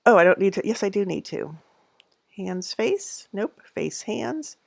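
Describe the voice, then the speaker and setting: This knitting channel host, a middle-aged woman at home, chats on a livestream in an animated, creaky voice at a measured pace. Her talk wanders with many fillers and small laughs, and she coos at her cats in a high voice; the recording is dry.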